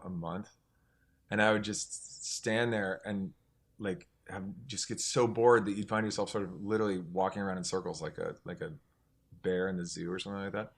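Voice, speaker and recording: A middle-aged man, a singer-songwriter, talking casually in an interview, rambling with lots of restarts and "like" fillers. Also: low-pitched.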